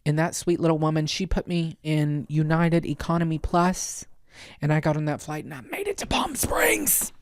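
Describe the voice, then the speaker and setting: A man hosting a podcast, telling a comedic story in an animated, exasperated and dramatic way. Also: on the high side, moderate pace, clear, resonant tone, dry recording, clean studio sound. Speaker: podcast host.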